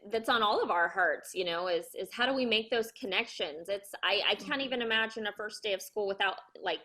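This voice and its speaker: A woman teacher on a video call responding to a colleague, sincere and moved, speaking haltingly. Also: medium pitch, pushed and bright.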